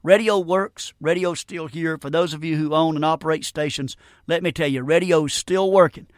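A man's voice: on the high side, moderate pace, no room sound, clean studio sound. A man in his sixties preaching a fervent radio sermon, often breaking in with "Amen".

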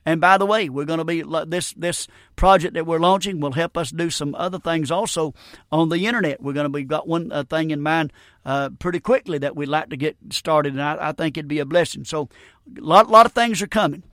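A man's voice: fairly high pitch, fairly quick, fairly bright tone, no room sound, studio quality. A man in his sixties preaching a fervent radio sermon, often breaking in with "Amen".

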